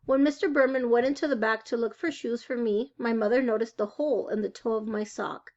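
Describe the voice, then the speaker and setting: A woman reads a children's novel aloud, telling the story expressively. Her voice sits a touch high. The sound is somewhat muffled and dull. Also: steady tone, brisk, a little mellow. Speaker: reader.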